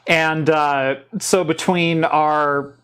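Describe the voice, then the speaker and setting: A man's voice: fairly high pitch, flat delivery, extremely slow, a bit bright, clear, resonant tone. A man in his thirties with a US West Coast accent, hosting a casual tech show and rambling with restarts and fillers. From Oregon, US. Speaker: podcast host. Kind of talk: casual chat.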